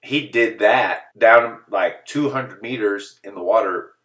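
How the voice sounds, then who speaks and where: Animated man telling a story, slightly off-mic. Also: lowish voice, takes it slowly, distant mic. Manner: animated, exaggerated disbelief, acts out quoted voices. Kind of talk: comedic storytelling monologue.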